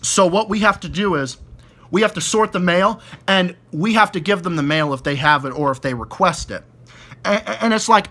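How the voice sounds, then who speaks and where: A man's voice: high-pitched, sharp tone. A young man ranting about annoying people at work, exasperated, swearing heavily and stumbling over repeated words. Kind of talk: profane casual rant.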